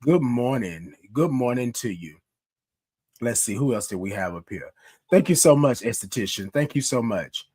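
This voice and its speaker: Man in his fifties, hoarse from a cough, scratchy voice, chatty live-stream host, dry close sound. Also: medium pitch, expressive, moderate pace, a little mellow, no echo. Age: 50s. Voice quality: rough, scratchy voice. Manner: chatty, greets viewers by name, calls them y'all. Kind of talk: casual morning live-stream chat.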